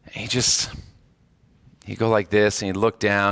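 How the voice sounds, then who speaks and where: A man preaching a sermon, telling a story in an animated, earnest way and repeating phrases for emphasis. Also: mid-range voice, normal speed, gravelly.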